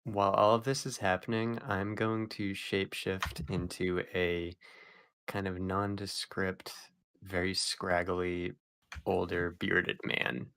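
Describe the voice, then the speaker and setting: A player in a tabletop game describing an action slowly and hesitantly. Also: low voice, flat delivery, fairly bright tone, clear, resonant tone. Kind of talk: casual tabletop play.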